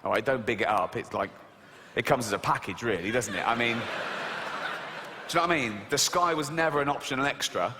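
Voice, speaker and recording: A man's voice: medium pitch, brisk, big-room sound. A man doing a stand-up comedy routine on a theatre stage, sarcastic, incredulous and sweary. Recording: live stand-up with crowd laughter and noise. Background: audience laughter.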